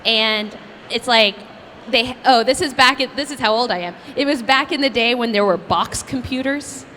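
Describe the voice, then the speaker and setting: Bright-voiced chatty woman. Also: a little high, normal speed, a little hiss or hum. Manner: chatty, animated, laughs often. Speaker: voice actress guest. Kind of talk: convention Q&A storytelling. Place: convention panel room.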